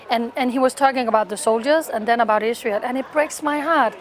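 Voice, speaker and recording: A woman's voice: fairly high pitch, fast, few pauses, a little hiss or hum. A woman from Denmark gives an earnest, fervent personal testimony in an interview, often restarting and repeating words. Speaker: interviewee, pro-Israel activist.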